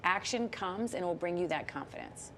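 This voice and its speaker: A woman's voice: fairly low pitch, lively intonation, moderate pace, background noise. A woman in her fifties from Minnesota, a guest author on a TV interview, coaching listeners emphatically with rhetorical questions. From Minnesota, USA. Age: 50s. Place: TV studio.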